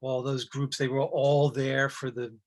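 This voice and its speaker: Middle-aged male guest, casual chat, halting and rambling, mid-pitched. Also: flat delivery. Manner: rambling, halting, many restarts and fillers. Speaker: guest actor.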